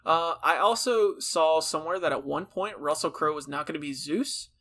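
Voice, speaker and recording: A woman's voice: sits low, moderate pace, fairly bright tone. Chatty woman podcast host. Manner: chatty, many fillers like "like" and "uh". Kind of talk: casual film discussion.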